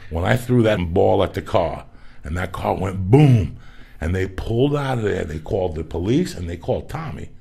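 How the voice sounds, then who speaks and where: A middle-aged New man with a rough, gravelly rasp and a fairly low voice. He hosts a casual podcast chat and tells his stories loudly and animatedly, peppered with swearing and sudden shouts. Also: normal speed. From Cuba, raised in New Jersey. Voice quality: gravelly, raspy. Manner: loud, animated, profane storyteller who bursts into shouts. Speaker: podcast host.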